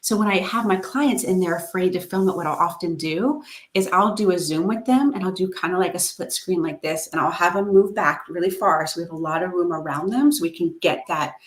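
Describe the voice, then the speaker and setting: A woman's voice: fairly low pitch, a little fast, few pauses. A woman talking as an interview guest, upbeat and encouraging, laughing often, heard over a video call. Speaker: guest, content coach. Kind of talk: casual interview chat.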